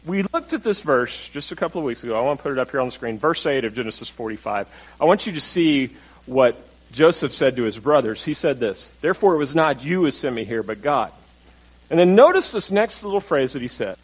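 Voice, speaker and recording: A man's voice: medium pitch, very animated, a little fast, breathy edge, poor audio. A male pastor preaching a conversational sermon, asking the congregation questions and acting out the people in the story. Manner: conversational, asks the audience questions, acts out quotes.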